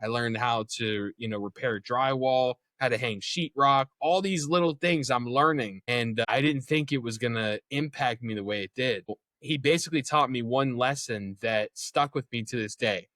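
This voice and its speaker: A man's voice: mid-range voice, moderate pace, few pauses, fairly bright tone, dry recording. A young man as an interview guest, telling his story in a candid, casual way, swearing freely and acting out what others said.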